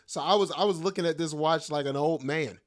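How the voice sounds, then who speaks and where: A middle-aged comedian hosting his own show rambles in a brisk, fairly high-pitched voice. The talk is casual and full of slang, with plenty of self-deprecating jokes.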